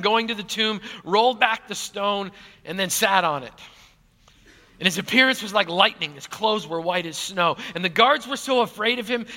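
Male pastor, bright, high voice, animated sermon delivery, big reverberant church hall. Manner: animated, swings from loud to hushed. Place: large church auditorium.

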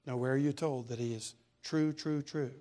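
A male pastor preaching a sermon in a church, emphatic and building to loud peaks. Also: mid-range voice, steady tone, normal speed.

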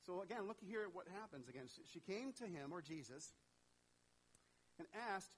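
Animated high-voiced male preacher. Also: moderate pace, pauses often, husky, low-quality recording. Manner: animated, conversational, talks straight to the congregation. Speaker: pastor. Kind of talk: sermon.

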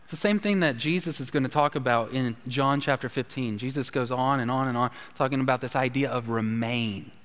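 A pastor with a medium-pitched, somewhat bright voice preaches fairly quickly with few pauses, emphatic and repetitive, often restarting his phrases. A long hall reverb colors the recording.

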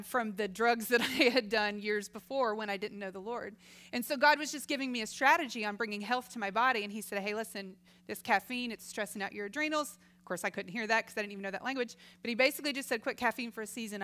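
A middle-aged woman giving a casual Christian teaching talk, telling stories lively and acting out voices. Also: on the high side. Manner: lively storytelling, acts out quoted voices, laughs often. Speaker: Christian speaker.

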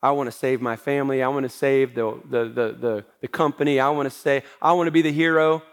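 A man's voice: medium pitch, steady tone, a little fast, clear, resonant tone. A man preaching a sermon as pastor, talking in a conversational way with self-deprecating humor.

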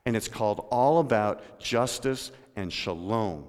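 A man preaching a sermon in a church, moving between loud emphatic lines and low hushed ones and speaking to people in the room by name. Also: lively intonation, unhurried, clean tone. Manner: addresses congregation members by name. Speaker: pastor. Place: church sanctuary. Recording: long hall reverb.

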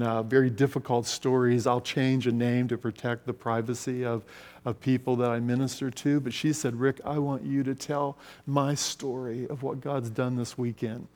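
A man preaching a sermon, telling stories and swinging between loud passages and hushed ones. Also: medium pitch. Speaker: pastor. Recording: long reverb of a large hall.

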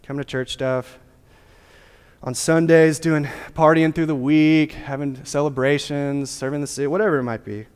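A man's voice: fairly high pitch, steady tone, moderate pace, darkish tone, clean tone. A man preaching a sermon as a pastor, with a casual, joking, conversational delivery. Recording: long hall reverb.

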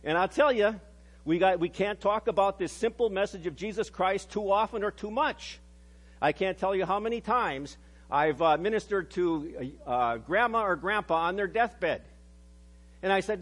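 Preaching with earnest conviction, this middle-aged pastor draws out important phrases and lets his voice sink quiet and low when the words turn solemn.

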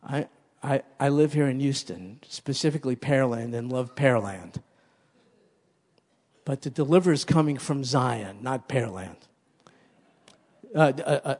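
A man's voice: mid-range voice, lively intonation, unhurried, long pauses, darkish tone. A man preaching a sermon as pastor, emphatic and repeating key phrases for stress.

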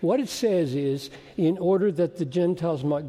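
A man preaching a sermon, emphatic and swelling to loud exclamations. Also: on the high side, normal speed, hardly any pauses. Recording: long hall reverb.

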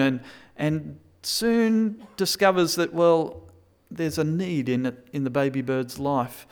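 A male preacher delivering a sermon, his voice sitting a little high for a man. He swings from hushed, reflective passages to loud, emphatic pleading as he speaks. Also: unhurried, hardly any pauses, clean tone.

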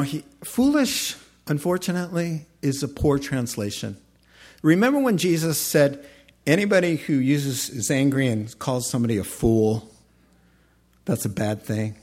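Male pastor, casual animated sermon delivery, mid-pitched voice, acts out quick character lines. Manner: conversational, animated preaching with acted-out voices.

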